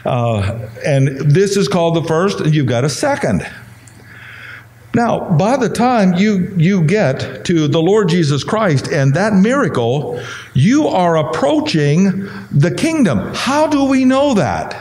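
A pastor whose voice is going hoarse, teaching a Bible study in a conversational way and asking the listeners questions. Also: male voice, high voice, sing-song, takes it slowly, darkish tone.

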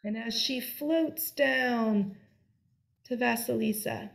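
A woman telling a folk tale aloud in a slow, deliberate, expressive way. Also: mid-range voice. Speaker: storyteller. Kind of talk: storytelling.

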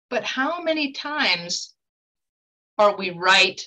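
Bright-voiced earnest woman medium. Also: normal speed, rough recording. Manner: earnest, animated storyteller with emphatic pitch swings. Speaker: medium and guest speaker. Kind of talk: conversational teaching talk.

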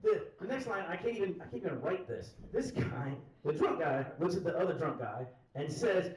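A man performing stand-up comedy, telling a long story on stage and acting out loud hecklers in sudden high voices. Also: expressive, moderate pace, hardly any pauses, a little hiss or hum. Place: comedy club stage before a live audience. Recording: roomy club sound from a distant mic, loud crowd laughter.

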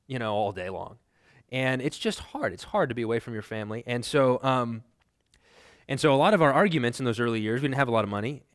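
A man from Texas lectures to a seminary class in a loose, storytelling way. He restarts his sentences often and fills pauses with ums. He builds to firm, emphatic lists. His voice sits at a middle pitch in a dry room with little echo. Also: a bit bright. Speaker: teacher. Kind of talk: classroom lecture with personal anecdotes.

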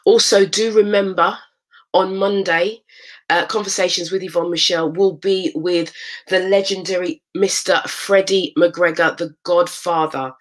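A woman's voice: lowish voice, steady tone, unhurried. A woman hosting a morning inspiration live stream, speaking earnestly and emphatically and repeating her points to encourage her viewers. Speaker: host of a morning inspiration show. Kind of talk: motivational live-stream talk.

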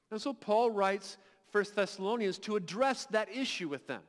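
A man preaching a sermon as pastor, impassioned and emphatic, building to loud peaks and often repeating words as he restarts. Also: high-pitched, animated, moderate pace, few pauses. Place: large church hall. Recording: long reverb of a church hall.

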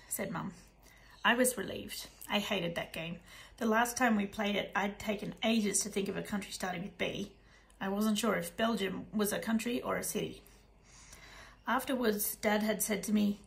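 A woman narrating a children's novel in the first person, in a hushed, soft delivery. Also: mid-range voice, moderate pace, gravelly, low-quality recording. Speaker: audiobook narrator.

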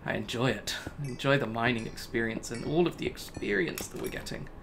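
Male gamer, casual commentary, exasperated self-talk, average pitch, faint typing. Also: lively intonation, brisk, vocal fry, noisy background. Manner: self-talking, exasperated, laughs at himself. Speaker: gaming YouTuber. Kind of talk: casual Let's Play commentary.

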